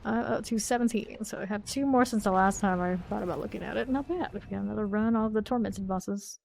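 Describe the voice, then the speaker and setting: A woman's voice: medium pitch, a little fast, creaky, a little mellow, a little hiss or hum. A woman casually commenting while streaming a video game, chatting with viewers and laughing often. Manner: chatty, reads chat aloud, laughs often.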